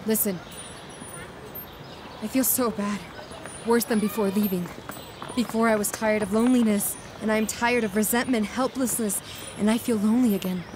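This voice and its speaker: A woman's voice: mid-range voice, fairly even intonation, moderate pace, long pauses, noisy background, close to an everyday voice. A woman voicing a heartbroken young woman in a dubbed film drama, talking in a wistful, confiding way. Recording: loud music under dialogue.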